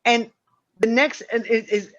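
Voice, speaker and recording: A woman's voice: on the high side, unhurried. A woman telling a funny story in casual chat, acting out quotes and swearing. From Canada. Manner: animated storyteller, does voices, swears. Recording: dull lo-fi audio.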